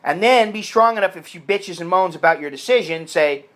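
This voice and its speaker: A man's voice: high voice, expressive, moderate pace, a bit bright. An American man giving crude, blunt advice in a casual monologue, slipping into mocking voices when he quotes people. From United States.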